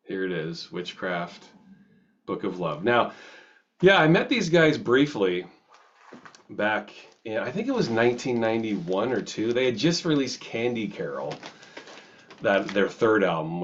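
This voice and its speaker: Casting note: male music host, lowish voice, chatty record-review style, slightly muffled lo-fi audio. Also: a little hiss or hum. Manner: rambling, chatty, self-interrupting with restarts.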